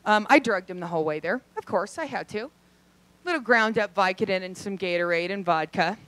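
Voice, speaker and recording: A woman doing a stand-up comedy set on a club stage into a handheld mic, brash and profane, with loud outbursts and acted-out quotes. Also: mid-range voice, expressive, fairly quick.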